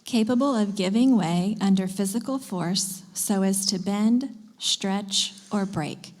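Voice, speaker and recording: A woman acting as pronouncer at a spelling bee, reading words and their definitions in a clear, measured way. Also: medium pitch.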